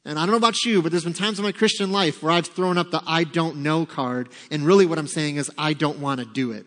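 A man's voice: a little high, quick pace, few pauses, fairly bright tone. A man preaching a sermon as pastor, emphatic, acting out quoted prayers and God's replies with rising force. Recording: long reverb of a church hall.

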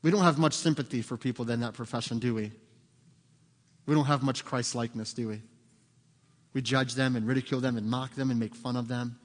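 A man's voice: medium pitch, fairly even intonation, a little fast. Man preaching in a reverberant hall. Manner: earnest, rhetorical questions, acts out quoted voices. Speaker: pastor. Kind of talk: sermon.

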